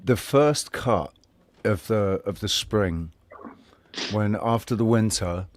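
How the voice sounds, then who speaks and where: A man's voice: lowish voice, slow, a crowd in the background. A man hosting a live stream, chatting casually, rambling and repeating himself with casual swearing.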